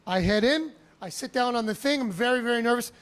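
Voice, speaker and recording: A male stand-up comedian telling a story on a comedy club stage, animated, profane and self-mocking. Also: very high voice, quick pace.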